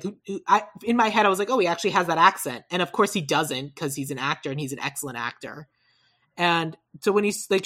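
A woman co-hosting a casual podcast, talking through casting picks in a rambling, self-correcting way with animated asides. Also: sits low. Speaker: podcast co-host. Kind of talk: casual chat about movie casting.

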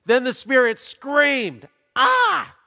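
A man preaching, reading a scripture passage aloud and pausing to comment on it in a slow, deliberate manner. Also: high voice, animated, a bit bright. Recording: long hall reverb.

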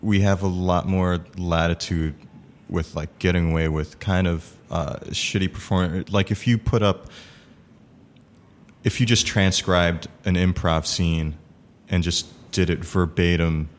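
A man in casual conversation about improv performance, talking in a halting way with many fillers and restarts. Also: low-pitched, steady tone.

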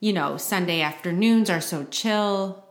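A woman co-hosting a casual chat, relaxed and agreeable, often trailing off softly. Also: fairly low pitch, a little slow. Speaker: podcast co-host. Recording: roomy echo.

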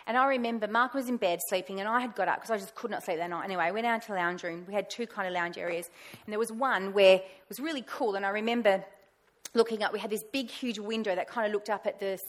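Animated woman telling a faith story. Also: medium pitch, quick pace. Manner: animated storytelling, acts out her own past words in a raised voice. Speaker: pastor's wife sharing testimony. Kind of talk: personal testimony talk.

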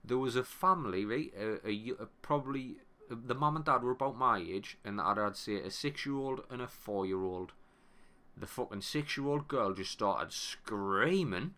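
Man, 30s, bright tone, animated, sweary, casual storytelling. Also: medium pitch, normal speed. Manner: animated, sweary, breaks off and restarts mid-phrase. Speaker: podcast co-host.

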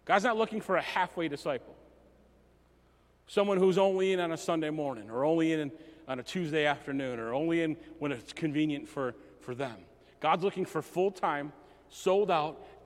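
A man preaches a sermon with a rather high-pitched voice, emotional and animated, often stumbling and restarting his sentences. His voice rings with long reverb through a church hall. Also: moderate pace. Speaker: pastor.

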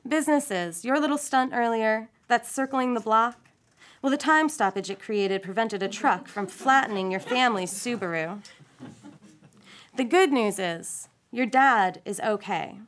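A chatty police officer who cracks bad jokes and then gets down to business, as a woman reading the story puts him on. The voice stays fairly high and light, close to the reader's own. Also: unhurried, fairly bright tone. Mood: matter-of-fact. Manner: joking, chatty, then matter-of-fact. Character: wisecracking male police officer, adult. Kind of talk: reading a short story aloud.

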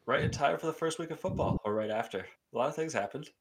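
A man's voice: fairly high pitch, fast, noisy background. A man hosting a podcast in casual chat, teasing his co-hosts and laughing often. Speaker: podcast host.

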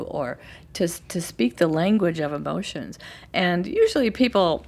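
A middle-aged woman coach explaining her method as an interview guest, acting out emotional phrases with lively energy. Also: fairly low pitch, moderate pace, vocal fry, breathy edge. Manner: animated, acts out emotional phrases. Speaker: forgiveness coach.

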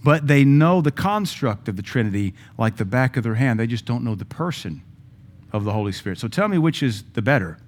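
Pastor guy preaching at church, middle-pitched voice, chatty but punches his points. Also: lively intonation, fairly quick. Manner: conversational preaching with emphatic rises and self-deprecating asides. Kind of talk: sermon. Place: church sanctuary.

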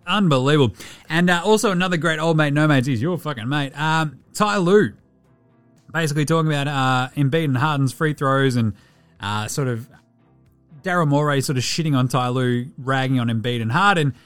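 A man's voice: on the high side, a little fast, a bit bright, faint music behind. A man with an Australian accent hosting a casual sports podcast, with sweary, jokey, rambling banter. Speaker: podcast host.

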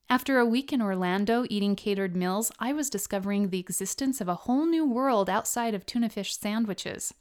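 A woman's voice: medium pitch, moderate pace, hardly any pauses, clean tone. A woman podcast host narrating her own memoir chapter in an earnest storytelling way, then signing off.

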